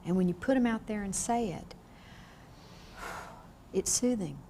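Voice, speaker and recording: A woman lecturing a class on grief in a frank, lively way, often asking the room questions. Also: mid-range voice, unhurried, creaky, slight background noise. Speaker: grief educator. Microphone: on camera, room mic.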